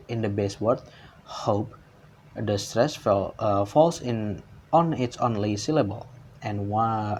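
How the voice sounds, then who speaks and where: Guy reading his class slides, lowish voice, lots of uh and restarts, bit of background hiss. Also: darkish tone. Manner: halting, frequent uh fillers and restarts. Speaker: student presenter.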